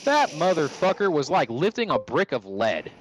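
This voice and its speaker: A man's voice: on the high side, big pitch swings, moderate pace, noisy background. A man from California chatting casually over gameplay, ranting profanely with many restarts. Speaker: streamer.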